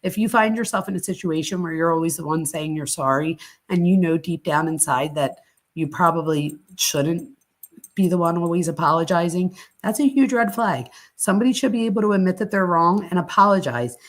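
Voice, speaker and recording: A middle-aged woman hosts a live psychology talk stream, speaking candidly and chattily and swearing casually. Her voice sits on the low side and moves a little fast.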